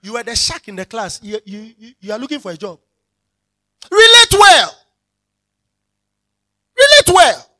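A man's voice: high voice, fast, few pauses, pushed and bright. A male pastor preaching a sermon, emphatic and repeating his key phrases as he calls out to the congregation.

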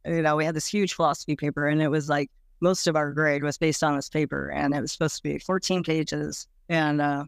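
A woman's voice: low-pitched, little pitch movement, a little fast, vocal fry, smooth, dry recording, clean studio sound. A woman recalling her own experiences in an interview, speaking frankly and casually, full of "like"s and the odd blunt swear word. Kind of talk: candid personal recollection.

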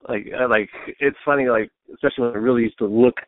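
A man guesting on a casual podcast, relaxed and loose with his words. His voice sits in a middle pitch, and the recording is dry and tinny, like a phone call. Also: fast talker, dry recording. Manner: laid-back, swears casually, laughs often. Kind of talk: casual chat.

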